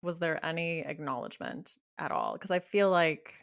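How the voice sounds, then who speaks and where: Low gravelly young woman host. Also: animated, moderate pace. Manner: reactive, short astonished interjections. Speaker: podcast host. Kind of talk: podcast conversation.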